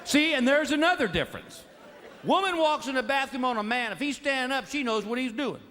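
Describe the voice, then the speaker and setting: A middle-aged man performs stand-up on a comedy stage, telling stories in an exasperated, animated way. His pitch leaps all over the place. Loud audience noise sits behind him throughout the live show. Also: fairly quick, a faint crowd. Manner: animated, exasperated storytelling that slips into put-on voices.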